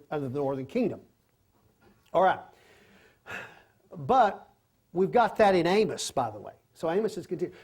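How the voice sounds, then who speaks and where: A man with a high-sitting, darkish voice teaches a Bible lesson in a classroom with a board. He keeps it conversational, often asking the class questions and acting out quoted voices.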